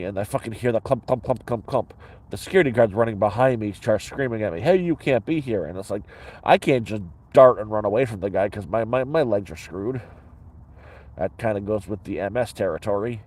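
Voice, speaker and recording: A man with a somewhat low voice talks straight to his audience in a loose, rambling way. He is blunt and swears freely, often stopping and restarting his sentences. He sounds like he is chatting casually from inside his sleeping bag. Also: a little mellow. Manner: blunt and profane, with many restarts. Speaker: vlogger. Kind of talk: casual rambling storytelling to camera.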